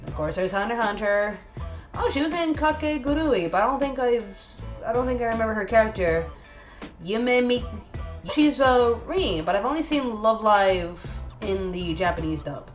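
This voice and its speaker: A woman's voice: on the high side, animated, normal speed, soft background music. A woman hosting a casual anime review video, chatty and enthusiastic with lots of fillers.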